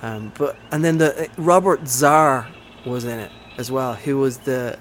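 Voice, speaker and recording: A man's voice: mid-range voice, a little slow, a bit bright, a little hiss or hum. A man hosting a casual movie chat, enthusiastic and rambling with lots of fillers.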